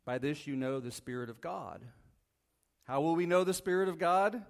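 In a church sanctuary, a male pastor preaches a casual, conversational sermon, reading Bible verses, joking lightly, and often asking the congregation "right?" His voice is a little high, expressive, and creaky, at a normal speed.

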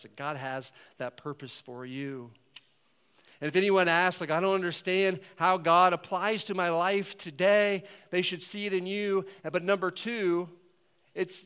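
A man with a fairly high, smooth, resonant voice preaches a sermon. He talks to the congregation in a conversational, earnest way, rising to loud emphasis and dropping to quiet asides. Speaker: pastor.

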